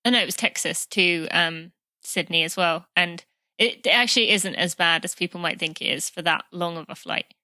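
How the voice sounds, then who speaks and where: A woman's voice: on the low side, normal speed, bright, forceful tone, no echo. A woman hosting a podcast interview, chatty and playful, laughing easily. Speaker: podcast host. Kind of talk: casual interview chat.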